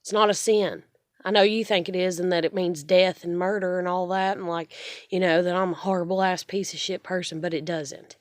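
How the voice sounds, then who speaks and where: A woman's voice: on the low side, fairly even intonation, brisk, no room sound, studio quality. A single mother, venting in an angry rant to camera, upset and stressed and swearing repeatedly. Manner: swearing, repetitive, exasperated.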